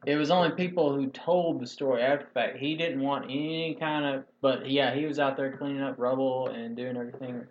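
A man's voice: mid-range voice, fairly even intonation, fairly quick, few pauses. A man co-hosting a podcast, telling a long rambling story in a folksy, casual way. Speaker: podcast co-host. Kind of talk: casual chat. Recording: dull lo-fi podcast audio with faint hiss.

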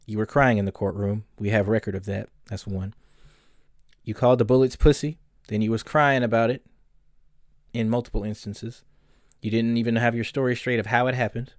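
A man's voice: fairly low pitch, level tone, brisk, dry recording, studio quality. A man hosting a solo commentary podcast, ranting bluntly and profanely, often getting heated. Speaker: podcast host.

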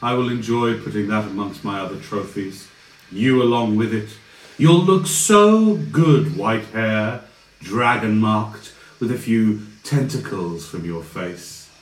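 A man's voice: lowish voice, distant mic. A man doing a scornful villain mage in a tabletop game, drawing out cruel, theatrical taunts. The voice rings in an echoey room over a faint hiss. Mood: menacing. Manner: slow, sneering, theatrical taunts.

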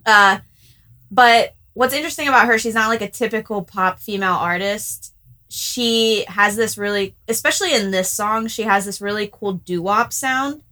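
A woman's voice: medium pitch, moderate pace, pushed and bright. A young woman co-hosting a casual podcast, telling a story in a chatty way with lots of "like.". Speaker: podcast co-host. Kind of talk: casual chat.

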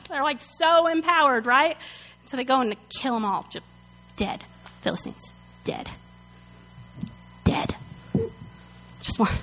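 High-voiced, chatty woman teaching the Bible. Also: big-room sound. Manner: chatty and animated, many "like" and "you know" fillers. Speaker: Bible study leader.

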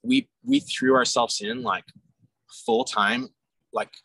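A man's voice: mid-range voice, huge pitch swings, slow pace, vocal fry, a bit bright, breathy edge, no room sound, low-quality recording. A man guest on a podcast, talking earnestly and reflectively about his work. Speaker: guest, ministry business co-founder. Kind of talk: casual podcast chat.

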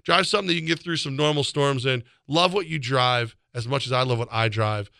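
A man co-hosting a sports radio show, telling rambling stories and reading ads with excitable energy. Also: mid-range voice, a little fast, gravelly, clean tone, no echo, clean studio sound. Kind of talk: sports talk and live-read ad.

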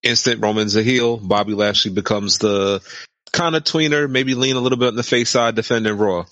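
A man casually pitching wrestling storylines in quick, matter-of-fact beats. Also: steady tone, fairly bright tone, no room sound, muffled recording. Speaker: wrestling podcast co-host. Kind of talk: casual chat.

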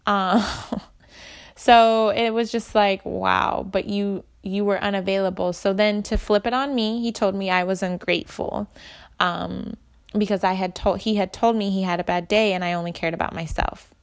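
A young woman with a gravelly, fry-edged voice recounts a personal story straight to her viewers. Her delivery is candid and emotional, like confiding in friends. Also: mid-range voice, steady tone, normal speed. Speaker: vlogger.

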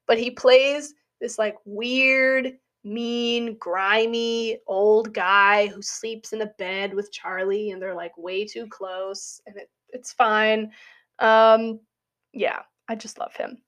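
A woman's voice: on the high side, steady tone, slow, a bit bright. A young adult woman, a college student, talking through a casual spoken essay in a chatty, giggly way full of "like" fillers. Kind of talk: casual monologue.

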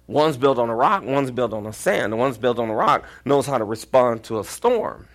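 A pastor with a Texan accent preaching a storytelling sermon, acting out quoted voices and sometimes near-shouting. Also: male voice, mid-range voice, lively intonation, moderate pace.

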